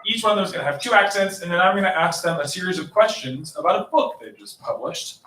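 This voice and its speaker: A man's voice: high voice, quick pace, sharp tone. A man hosting a live improv comedy night, upbeat and chatty, laughing easily as he sets up games. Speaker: improv show host. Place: small coffee shop stage. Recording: roomy distant mic with faint noise.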